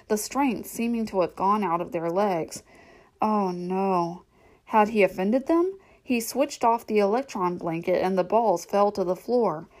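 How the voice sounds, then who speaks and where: A woman reading a novel aloud as narrator, in steady storytelling. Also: mid-range voice, rough recording. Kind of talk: audiobook reading.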